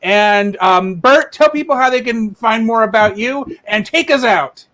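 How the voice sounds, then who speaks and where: A man's voice: sits high, a little slow, sharp tone. A man hosting a livestream panel over a video call, steadily moderating and passing the turn to each guest. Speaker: panel host.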